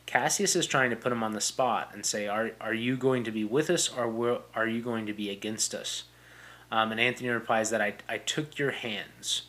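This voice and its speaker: A man's voice: lowish voice, steady tone, moderate pace, fairly bright tone. A young adult man casually retelling and explaining a classic play as a podcast host, paraphrasing quotes with frequent fillers and restarts.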